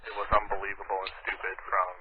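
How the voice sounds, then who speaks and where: A man's voice: on the low side, completely flat delivery, very fast. A man calling in to a radio show, talking casually and hesitantly with lots of fillers. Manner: hesitant, many fillers, laughs often. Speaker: caller. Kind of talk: casual phone-in chat. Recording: tinny phone line with faint hiss.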